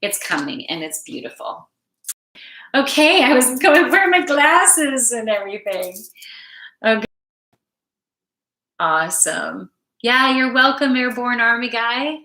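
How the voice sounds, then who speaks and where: Woman doing a spiritual card reading, slow and bright, gentle and emotive, echoey room. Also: a little high, expressive. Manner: gentle, spiritual, emotive, reads chat aloud. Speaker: oracle card reader. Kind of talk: live card reading for viewers.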